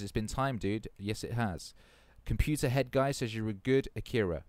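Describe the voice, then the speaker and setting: A man's voice: on the low side, normal speed, a little mellow, dry recording. A man hosting a casual live stream, reading out chat comments in a laid-back way and swearing freely.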